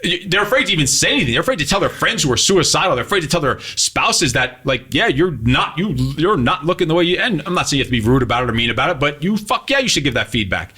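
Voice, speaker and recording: A middle-aged man talks bluntly on a podcast, swearing often and hammering his points home. His voice is bright and forceful with a husky grain, and his pitch swings widely as he gets heated. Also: sing-song, rapid-fire, few pauses. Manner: profane, heated, emphatic. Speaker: podcast co-host.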